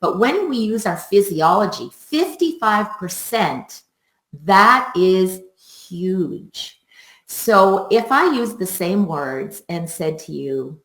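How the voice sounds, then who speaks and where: Cheerful lady running a teaching webinar, pitch bouncing all over, kinda echoey room. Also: slow pace. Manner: upbeat and expressive, laughs often. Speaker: music theory teacher hosting a webinar. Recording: roomy echo.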